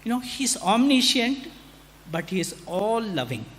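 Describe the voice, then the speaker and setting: A man's voice: high-pitched, unhurried. A man, giving a humorous, anecdotal address and acting out bits of dialogue. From India. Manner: animated, humorous, acts out dialogue. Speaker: hostel warden giving an address. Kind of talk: anecdotal storytelling speech. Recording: hall reverb with faint background noise.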